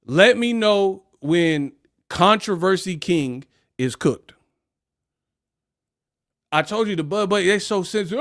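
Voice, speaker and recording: A man's voice: high voice, a little slow. Man hosting a mocking, slangy livestream. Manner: mocking, laughing, slangy, dismissive. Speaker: livestream host. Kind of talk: casual livestream rant.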